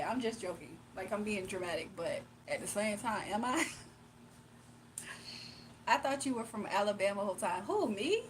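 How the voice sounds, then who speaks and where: On a rough recording with a little hiss or hum, a Virginia-born woman with a Southern accent shaped partly by Atlanta talks casually on a late-night livestream. Her medium-pitched voice is animated and a little fast, and she laughs often while answering her chat.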